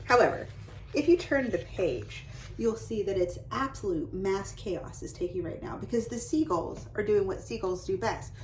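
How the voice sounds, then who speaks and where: A young adult woman hosting a lesson, talking casually and brightly about reading to children as she shows pages of books. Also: mid-range voice, moderate pace, slight background noise, low-quality recording. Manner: lively and chatty, showing off book pages. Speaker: host giving read-aloud tips to parents. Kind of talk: casual instructional talk.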